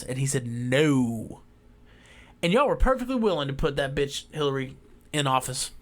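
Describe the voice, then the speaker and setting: A man with a drawl delivering a heated, profane ranting monologue as a vlogger, swinging between loud outbursts and quiet asides. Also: a little high.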